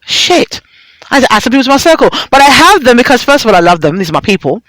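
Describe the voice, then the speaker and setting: A woman hosting a casual, uncensored radio show, excitable and swearing freely as she talks straight to her listeners. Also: on the high side, rapid-fire, no echo, low-quality recording.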